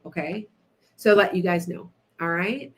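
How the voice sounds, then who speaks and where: A woman's voice: on the low side, measured pace. Chatty middle-aged woman hosting a show. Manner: chatty, animated, laughs often, talks to listeners by name. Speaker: radio show host, psychic. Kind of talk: casual storytelling to listeners.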